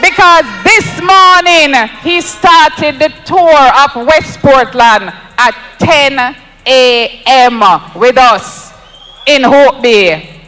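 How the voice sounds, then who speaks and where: A man's voice: extremely high pitch, very slow, sharp tone, big-room sound, low-quality recording. A Jamaican man giving an emphatic, rousing campaign speech at an outdoor rally, repeating lines for effect. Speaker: political speaker at a rally.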